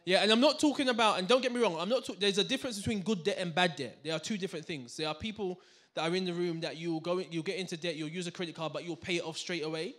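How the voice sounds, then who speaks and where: A man giving a live finance seminar to a room audience, energetic and full of banter, quizzing the crowd. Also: sits high, fast talker. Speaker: seminar speaker.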